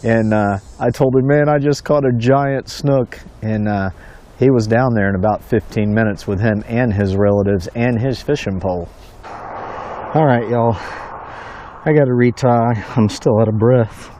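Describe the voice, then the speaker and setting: A middle-aged man talks casually while he fishes outdoors on a bridge at night. He spins folksy yarns and breaks into whoops and excited cries. His voice sits at an ordinary pitch for a man. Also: normal speed, slight background noise. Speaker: fishing vlogger. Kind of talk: casual fishing commentary.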